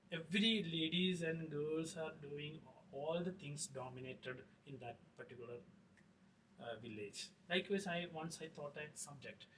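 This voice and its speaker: Halting male film director. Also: on the high side, fairly bright tone. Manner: halting, many fillers and restarts. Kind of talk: casual interview talk. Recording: distant mic with faint noise.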